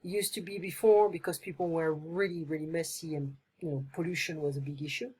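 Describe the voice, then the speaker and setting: Female English teacher, husky and conversational. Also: deep voice, steady tone, fairly quick, mellow. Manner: chatty, explaining phrases with playful examples. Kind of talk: casual online lesson.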